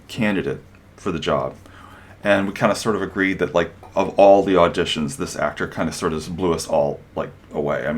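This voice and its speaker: A man delivering an opinionated commentary monologue, animated and sarcastic, slipping into mocking impressions. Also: deep voice.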